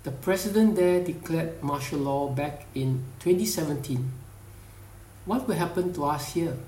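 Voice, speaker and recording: A man's voice: fairly high pitch, moderate pace, mellow, roomy sound, a little hiss or hum, close to an everyday voice. A man voicing an anxious young female university student in a read-aloud story. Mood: distressed. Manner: alarmed, urgent.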